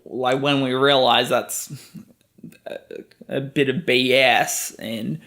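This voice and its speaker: A man's voice: medium pitch, level tone, fairly bright tone. A man speaking reflectively in a documentary interview. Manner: reflective, unhurried.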